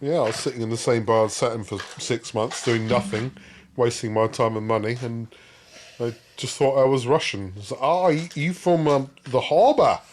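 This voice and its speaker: 영국 억양의 남자 팟캐스트 게스트가 웃음 섞인 두서없는 캐주얼한 대화로 이야기한다. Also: male voice, medium pitch, steady tone, moderate pace, slight background noise. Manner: rambling, laughing storyteller. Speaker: podcast guest. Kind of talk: casual chat.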